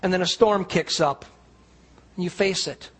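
A man preaching a sermon, retelling a story vividly and dropping to a near hush on the quiet lines. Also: high voice, measured pace. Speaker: pastor.

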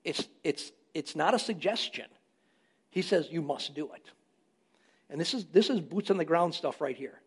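A man's voice: a little high, animated, normal speed, breathy edge. A man, a pastor, preaching a sermon with emphatic rises in volume on key phrases. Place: church.

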